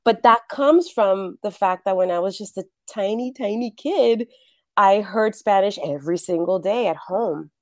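A woman's voice: medium pitch, moderate pace, darkish tone, dry recording, studio quality. A middle-aged woman from the Bronx, an actress and acting teacher, chatting animatedly as a guest and laughing often. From The Bronx, New York. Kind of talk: casual interview chat.

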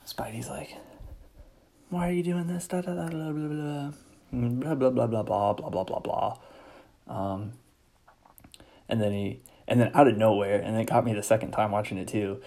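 A man's voice: fairly low pitch, gravelly, darkish tone. A man casually recapping a movie, enthusiastic and rambling, with lots of fillers. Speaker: movie reviewer.

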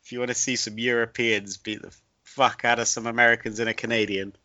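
A young man co-hosting a podcast, cracking jokes and laughing between lines. His mid-pitched voice is bright, and the dry recording sounds dull and lo-fi. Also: flat delivery, fast, dry recording. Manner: laughing, wisecracking. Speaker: podcast co-host. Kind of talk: casual chat.

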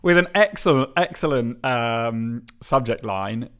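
A man's voice: mid-range voice, lively intonation, a little slow, a bit bright, clear, resonant tone. A man co-hosting a podcast, reading listener emails aloud in casual chat, wry and often chuckling. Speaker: podcast co-host.

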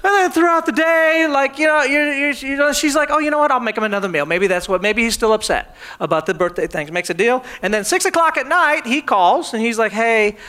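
A high, bright male pastor preaching with a playful storyteller's touch. He slips into little voices for the people in his stories and keeps checking in with the crowd. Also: expressive, fairly quick, hardly any pauses, clean tone. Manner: humorous storytelling, acts out everyday scenes. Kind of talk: sermon.

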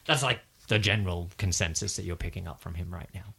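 A man's voice: low-pitched, fast, vocal fry, pushed and bright, slightly rough. A man narrating a tabletop game as game master, describing scenes in a chatty, descriptive way.

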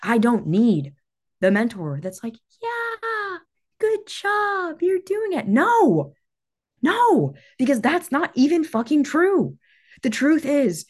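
A woman's voice: on the high side, darkish tone. A woman hosting a solo motivational talk, intense and emphatic, swearing freely, her voice shaky with emotion. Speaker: podcast host and business coach.

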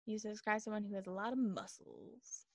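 Deadpan young woman podcast co-host, dry mic. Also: medium pitch, a little fast, vocal fry, no echo. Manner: reads definitions aloud in a dry deadpan, then jokes. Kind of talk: casual podcast chat, reading slang definitions.

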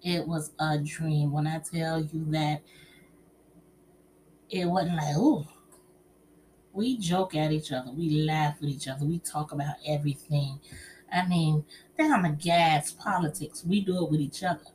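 A middle-aged woman telling personal stories and giving relationship advice to an audience, in a chatty, expressive way, calling listeners honey and child. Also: low-pitched, a little slow, long pauses, slight background noise.

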